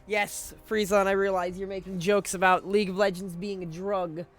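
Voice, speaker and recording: A man's voice: high-pitched, flat delivery, moderate pace, fairly bright tone, soft background music. A man streaming a video game, chatting casually to his viewers in a rambling, profane way, often cutting himself off and chuckling.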